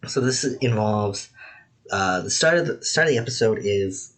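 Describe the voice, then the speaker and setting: A man's voice: on the low side, lively intonation, normal speed, fairly bright tone. A man casually reviewing anime episodes, rambling with lots of "like" and "you know".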